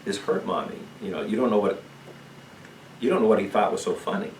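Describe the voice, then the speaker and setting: A man with a very low voice teaches a church parenting seminar, calm and explanatory. He sounds distant from the microphone, in a room full of echo. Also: fast, slight background noise. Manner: calm, explanatory, asks "okay?" often. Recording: echoey room, mic far off.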